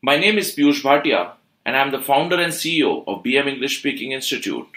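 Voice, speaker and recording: Man hosting a learning podcast, bright lively delivery, roomy echo. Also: medium pitch, a little fast. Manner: upbeat, questioning interviewer. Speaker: podcast host and institute founder.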